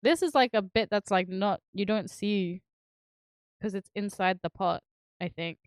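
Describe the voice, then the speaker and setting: A woman's voice: mid-range voice, unhurried, no echo, clean studio sound. A woman streamer chatting casually and giggling while she builds, swearing now and then and filling her talk with fillers.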